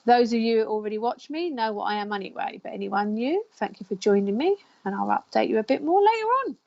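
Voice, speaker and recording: Lady host on a live stream, a bit gravelly, dull lo-fi sound. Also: on the high side, animated, fast talker. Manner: chatty, warm greetings, reads out viewer names. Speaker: psychic counsellor hosting a live show. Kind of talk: live-stream greeting of viewers.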